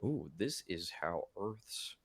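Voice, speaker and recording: A man voicing an alien scout reporting on Earth in a slow, hushed, drawn-out way. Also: sits low, very animated, slightly rough, heavily acted. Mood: curious.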